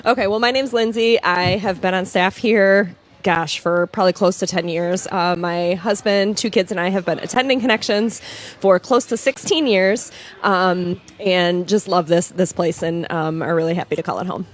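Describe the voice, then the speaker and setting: A woman's voice: on the low side, steady tone, normal speed. Chatty, laughing middle-aged woman guest. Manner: chatty, laughing, self-deprecating. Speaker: church staff guest. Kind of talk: casual interview.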